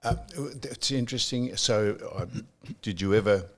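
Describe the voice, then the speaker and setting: Halting older Australian podcast host. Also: male voice, fairly low pitch, a little hiss or hum. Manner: halting, many restarts and fillers. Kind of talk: casual chat.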